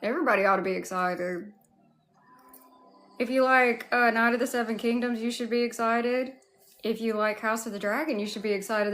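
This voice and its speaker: A woman with a Southern US accent hosting a casual livestream, greeting chatters by name. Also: on the high side. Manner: warm greetings to chat, drawling. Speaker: livestream host. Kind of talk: casual live chat.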